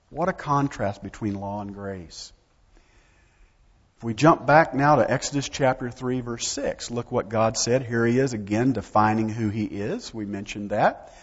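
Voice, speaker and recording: This pastor's medium-pitched voice is slightly rough as he delivers a forceful sermon full of rhetorical questions to his flock. It was captured in a church sanctuary, and the audio comes across dull with lengthy hall reverb.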